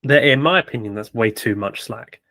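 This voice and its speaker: A man co-hosting a podcast, giving opinionated, measured analysis in casual chat. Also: medium pitch, bright, forceful tone, no echo. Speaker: podcast co-host.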